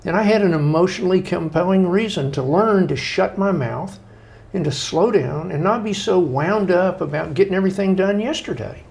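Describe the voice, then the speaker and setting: Gravelly folksy man, animated storyteller. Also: high voice, moderate pace. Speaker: guest author. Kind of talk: conversational interview.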